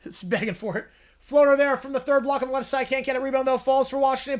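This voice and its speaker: A man with a worn, strained voice that keeps cracking, calling a basketball game live on a stream. He races through the action in a raised, excited rush. Between plays he answers viewers in quieter, lower asides. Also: fast. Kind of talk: live play-by-play reaction commentary.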